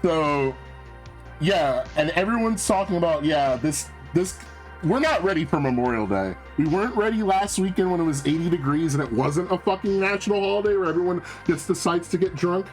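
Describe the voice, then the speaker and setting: A man's voice: on the high side, animated, brisk, soft background music, rough recording. A male streamer in casual chat, ranting in an exasperated way with constant swearing.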